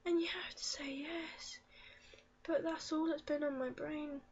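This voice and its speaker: A teenage girl speaking in a personal confessional vlog, soft and halting, often slipping into a whisper, tearful. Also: high voice, steady tone. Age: teens. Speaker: vlogger. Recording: muffled lo-fi sound.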